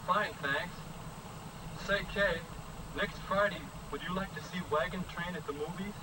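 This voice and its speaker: A man's voice: high-pitched, measured pace, distant mic. A nervous 1950s teen boy. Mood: earnest. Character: nervous teenage boy asking a girl out, 1950s. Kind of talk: 1950s educational film acting. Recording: noisy old film soundtrack from afar.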